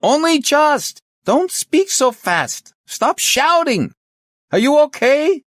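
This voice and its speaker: Man voicing a shouting middle-aged police chief, high strained voice, lively, on a crackly call in an audiobook. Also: slow, no room sound, studio quality, full character voice. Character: middle-aged male police chief yelling down a bad phone line.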